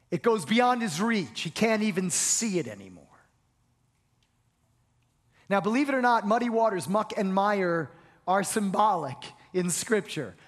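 High-voiced preacher in a reverberant hall. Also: male voice. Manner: earnest preaching with repeated stammered restarts. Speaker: pastor. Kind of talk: sermon.

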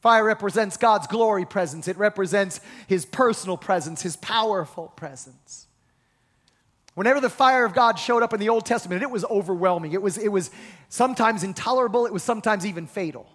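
A male pastor preaching a sermon with energetic rhetorical questions and call-and-response with the congregation. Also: high voice, fairly quick. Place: church hall. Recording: reverberant hall.

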